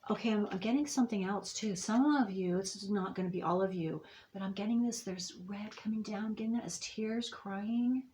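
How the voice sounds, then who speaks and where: A woman's voice: mid-range voice, fairly quick, hardly any pauses, a little mellow, slight background noise. Meandering woman giving an intuitive reading. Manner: meandering, rambling with many fillers and restarts. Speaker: astrology and tarot reader. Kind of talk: monthly intuitive reading to viewers.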